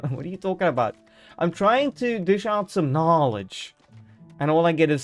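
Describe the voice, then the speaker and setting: A man's voice: fairly high pitch, expressive, normal speed, faint music behind. A man streaming a game live, chatting casually and joking as he thinks aloud.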